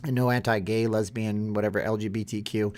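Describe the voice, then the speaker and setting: A man's voice: lowish voice, fairly even intonation, brisk, darkish tone. A man, hosting a casual live stream and reading chat comments aloud in a rambling way. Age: 30s.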